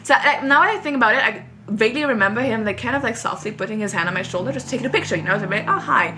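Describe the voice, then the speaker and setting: Young woman vlogger, crisp bright tone, chatty and rambling, talks to camera from home. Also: fairly high pitch, rapid-fire, slight background noise. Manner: rambling, filler-heavy, animated retelling. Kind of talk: casual storytime chat to camera. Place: at home, moving between rooms.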